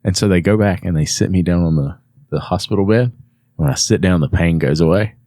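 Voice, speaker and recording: Deep-voiced man telling a story. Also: brisk, no room sound, studio quality. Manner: animated storyteller acting out quotes. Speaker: podcast guest. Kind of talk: casual storytelling.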